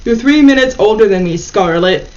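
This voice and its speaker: A woman's voice: medium pitch, expressive, normal speed, recorded from a distance, highs cut off, close to an everyday voice. A woman reading aloud the lines of an earnest young male squad leader from a novel, in close to her own voice.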